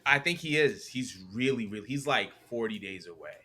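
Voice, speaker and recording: A man's voice: medium pitch, expressive, brisk, bright, forceful tone. A man co-hosting a casual chat, teasing his co-hosts and telling stories with animation. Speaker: podcast co-host. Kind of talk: casual chat about wrestling.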